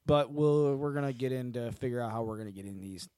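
A man banters on a podcast, teasing his friends and throwing in crude jokes. His voice sits in a middle pitch. The recording is dry and close. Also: quick pace, dark tone, clear, resonant tone, dry recording. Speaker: podcast co-host. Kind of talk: casual banter.

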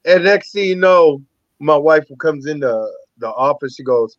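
A man, an actor and army veteran, telling animated, profanity-laced stories as a podcast guest. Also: fairly high pitch, measured pace, no echo. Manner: animated, rambling, heavy swearing. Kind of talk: casual storytelling interview. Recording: dull lo-fi dry recording.

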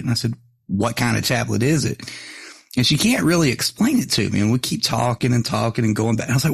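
Gravelly-voiced man telling crude stories. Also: medium pitch, lively intonation, a little fast, no room sound. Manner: crude, laughs through his stories. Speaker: podcast host. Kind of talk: casual chat, storytelling.

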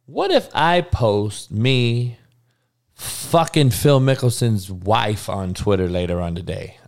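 A man's voice: lowish voice, expressive, slow pace. Profane rambling male sports podcaster. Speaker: podcast host. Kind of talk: live-streamed sports podcast chat.

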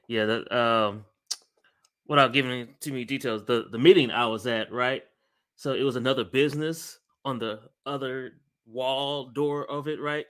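A man chatting casually on a podcast, telling a lively story and acting out what others said. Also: mid-range voice, moderate pace, clean tone. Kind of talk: casual chat.

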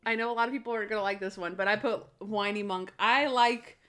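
A woman co-hosting a casual podcast chat, retelling scenes in an animated way, acting out quotes and laughing often. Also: medium pitch, quick pace. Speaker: podcast co-host. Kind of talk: casual chat recapping a TV episode.

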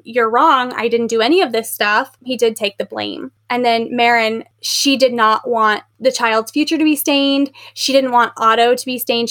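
Chatty, animated woman podcast host. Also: fairly high pitch. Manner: chatty, filler-heavy, animated retelling with acted quotes. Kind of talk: casual book discussion.

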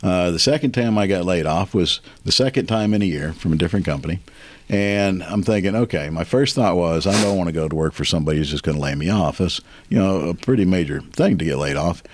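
A middle-aged man, a movie theater owner, chatting casually as a podcast guest and telling his story with relaxed fillers. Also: deep voice, fast, no echo. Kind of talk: casual conversation.

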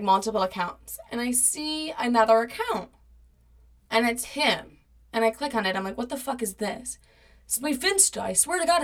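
A young woman telling a personal story in a casual monologue, swearing often and acting out the people she quotes. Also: mid-range voice. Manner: profane, animated retelling with quoted voices.

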